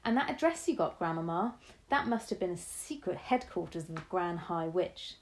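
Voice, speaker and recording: A woman's voice: medium pitch, very animated, moderate pace, warm tone. A woman voicing an eager, impatient young boy who pleads for answers.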